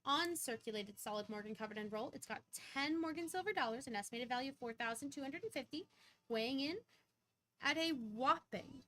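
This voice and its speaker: A young woman with a high voice runs a live-stream coin auction. She rattles off prices and counts down bids in quick auctioneer patter, breaking into sudden bursts of excitement.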